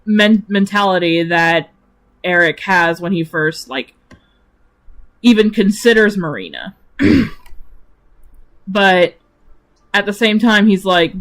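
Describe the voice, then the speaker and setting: A woman's voice: medium pitch, animated, slow, long pauses, fairly bright tone. A woman streamer chatting casually about her own characters, rambling with lots of fillers and giggling often.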